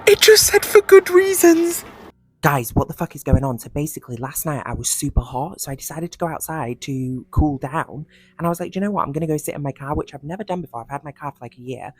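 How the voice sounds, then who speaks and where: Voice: medium pitch, fast, slightly rough, rough recording. Panicked vlogger, frightened, swearing, whispering in shock, inside a car, phone mic. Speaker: TikTok creator. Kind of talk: frightened vlog to camera.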